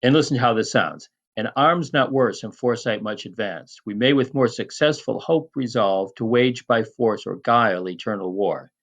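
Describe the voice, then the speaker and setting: A man teaching Latin poetic meter in a recorded lecture, measured and prone to restarts and fillers. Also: medium pitch, lively intonation, lo-fi sound.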